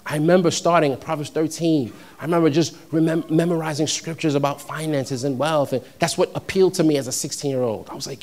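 Man preaching, swinging from quiet to loud. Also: fast, hardly any pauses. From New York. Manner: conversational preaching that builds to loud, high emphatic peaks. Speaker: pastor. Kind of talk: sermon.

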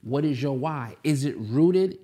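Guy preaching a sermon, mid-pitched voice, keeps hammering the same question, slows right down to stress stuff. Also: expressive, dark tone. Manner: preaching with rising emphasis and repeated rhetorical questions. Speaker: pastor.

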